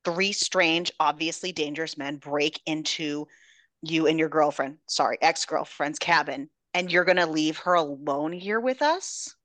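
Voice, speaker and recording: A woman's voice: sits low, measured pace, fairly bright tone, no room sound. A woman voicing a blunt, scornful male mercenary, in a casual retelling.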